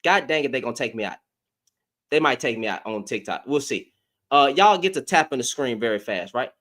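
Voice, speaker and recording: A man ranting in a casual, slangy reaction commentary, heated with loud bursts. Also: medium pitch, lively intonation, a little fast.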